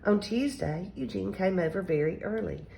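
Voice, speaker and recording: A woman reading a children's picture book aloud at a gentle, steady pace. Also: mid-range voice, normal speed, vocal fry, slight background noise, low-quality recording. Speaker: storyteller.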